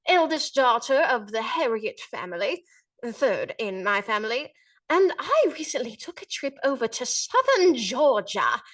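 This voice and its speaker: Woman doing a mock-regal British lady, put-on accent, highish voice, slightly distant mic. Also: a bit bright, full character voice. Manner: grand, mock-regal storytelling. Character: posh British noblewoman reviewing a restaurant.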